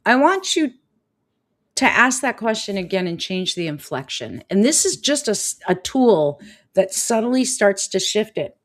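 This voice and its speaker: A woman hosting a live-stream coaching talk, animated, often repeating phrases and answering viewers' comments. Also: medium pitch, a little slow.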